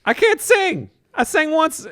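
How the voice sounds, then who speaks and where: A man's voice: very high-pitched, sing-song, slow pace, a bit bright, no room sound, full character voice. A man voicing a drunk, scatterbrained young woman influencer in a comedy script read, stumbling over words and laughing through lines. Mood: rambling.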